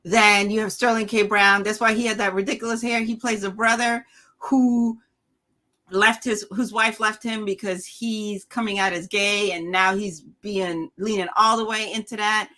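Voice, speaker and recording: Bright, animated woman critic. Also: mid-range voice, normal speed. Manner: animated storytelling, acts out quoted characters. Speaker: film critic. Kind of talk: casual podcast roundtable chat.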